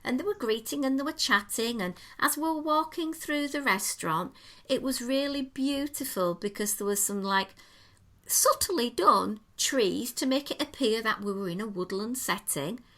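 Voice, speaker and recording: A woman tells a podcast co-host all about a restaurant visit. Her voice is bright and forward, and she talks in an easy, enthusiastic way, painting each detail as she goes. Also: on the high side, moderate pace. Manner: chatty, descriptive, enthusiastic storytelling. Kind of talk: casual chat, restaurant review.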